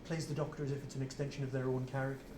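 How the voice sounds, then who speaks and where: A man interviewing a guest for a podcast, curious and quick with short murmurs of agreement. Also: mid-range voice, flat delivery. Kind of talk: casual interview questions. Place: convention venue. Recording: roomy sound with clear background noise.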